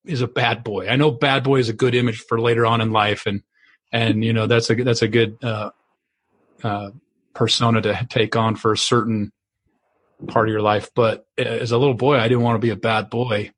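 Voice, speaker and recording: A man co-hosting a podcast in casual conversation, talking in a halting, emotional way, choked up as he shares a memory. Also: medium pitch, little pitch movement, a bit bright, husky. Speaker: podcast co-host.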